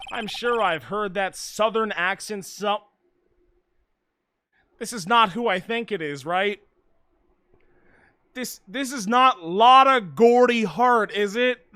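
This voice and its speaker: A man's voice: high-pitched, animated, slow, pauses often, sharp tone, soft background music. A man casually commenting and joking while he plays through a video game and reads its text aloud. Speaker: streamer. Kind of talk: casual let's-play commentary.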